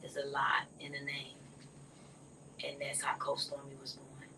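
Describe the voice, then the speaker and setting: A woman telling a personal story in a casual conversation, often dropping to a soft near whisper. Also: extremely low pitch, completely flat delivery, unhurried, recorded from a distance, noisy background.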